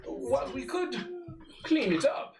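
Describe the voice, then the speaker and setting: A man's voice: very high voice, very animated, measured pace, gravelly, roomy sound, distant mic, soft background music, rough recording. A man running a tabletop role-play, speaking formally in character with many stalling fillers. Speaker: game master voicing a character.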